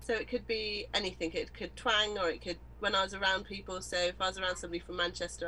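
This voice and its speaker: Woman from wales, chatty and giggly, wanders off on tangents, mid pitch. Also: steady tone, fast talker, hardly any pauses, pushed and bright, slight background noise, rough recording. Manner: giggly, rambling, tangent-prone. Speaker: co-host. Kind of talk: casual chat.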